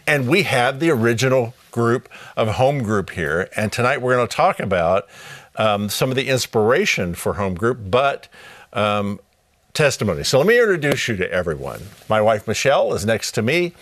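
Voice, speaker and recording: A middle-aged man hosting a live Bible study broadcast, upbeat and welcoming, reading scripture aloud and repeating contact details slowly. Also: medium pitch, big pitch swings, a bit bright, dry recording.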